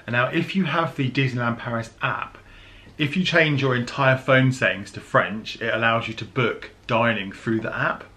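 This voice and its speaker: A UK man vlogs about his travel plans in a casual chat, laughing often and using lots of fillers. His mid-range voice has a sharp tone and a normal speed.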